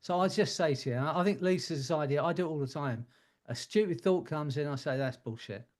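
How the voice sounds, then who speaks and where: A man's voice: fairly high pitch, quick pace. A man hosting a group coaching call, giving casual advice with jokes and frequent laughs. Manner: warm joking advice, laughs often.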